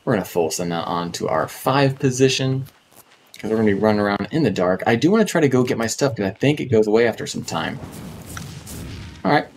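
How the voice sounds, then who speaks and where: A man's voice: on the low side, expressive, quick pace, a little mellow, a little hiss or hum. A man from North America giving casual commentary as he streams a survival game, chatting to himself and to the creatures and often repeating words. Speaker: gaming streamer.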